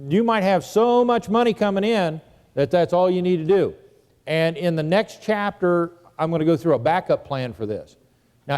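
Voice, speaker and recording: A man leads a seminar, talking through a phone script one step at a time in a plain, conversational way. His voice sits a little high for a man. It was recorded live in a hall with a long reverb tail. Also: mellow, clear, resonant tone. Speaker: real estate investing instructor. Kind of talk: seminar lesson.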